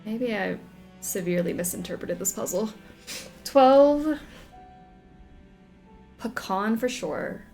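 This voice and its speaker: A woman's voice: medium pitch, normal speed, vocal fry. Young woman, casual game commentary, chatty, giggly, faint music underneath. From Southern United States. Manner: chatty, giggly, second-guesses herself. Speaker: game streamer. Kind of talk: casual let's-play commentary.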